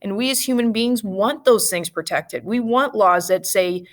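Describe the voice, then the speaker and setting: A woman teaching a history lesson in a casual, lively way, with jokes and acted-out asides. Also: mid-range voice, normal speed. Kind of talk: casual classroom lecture.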